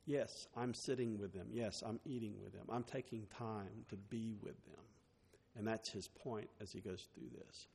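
A man's voice: on the low side, fairly even intonation, moderate pace, vocal fry, darkish tone, a little hiss or hum. A man preaching in a church, his voice carrying a long hall reverb. He reads scripture aloud, then explains it in plain, everyday words, sometimes restarting a phrase. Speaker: pastor. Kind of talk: sermon with scripture reading.

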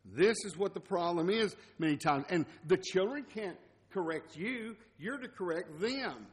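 A man's voice: sits high, lively intonation, unhurried. A man, preaching a conversational sermon with folksy, chuckling asides. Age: 60s. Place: church assembly hall. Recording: long reverb of a hall.

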